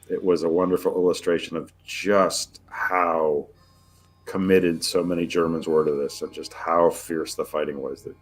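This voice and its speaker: Deep-voiced man telling a war story. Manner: relaxed anecdotal storyteller. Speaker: history podcast co-host. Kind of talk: casual conversational storytelling.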